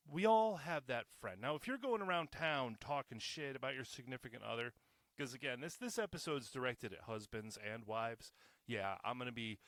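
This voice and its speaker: A man hosts his own podcast alone, caffeinated and sarcastic, cursing and correcting himself as he goes. His pitch leaps up and down in a lively way. The recording is dry and close to the mic, with no room sound. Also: no echo. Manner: sarcastic, animated, swearing, self-interrupting. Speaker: podcast host. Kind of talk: solo podcast monologue.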